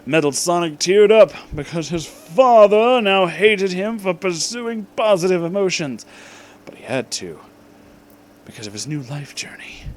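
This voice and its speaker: Man reading a comedy story deadpan. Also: sits high, measured pace. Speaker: narrator. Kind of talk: comedic fan-fiction reading.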